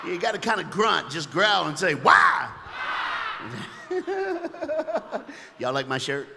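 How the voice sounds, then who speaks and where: Man, preacher, high bright voice, loud call-and-response, long hall echo. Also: expressive, fairly quick, gravelly, crowd noise, noisy background. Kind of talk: energetic call-and-response sermon. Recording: long hall reverb, faint ambience.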